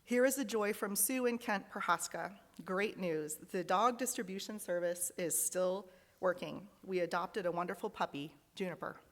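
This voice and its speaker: A woman's voice: medium pitch, normal speed. Earnest woman reading in an echoing hall. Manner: earnest, reading aloud, emotional at times. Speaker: lay worship leader. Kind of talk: reading joys and sorrows in a service. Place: large fellowship hall.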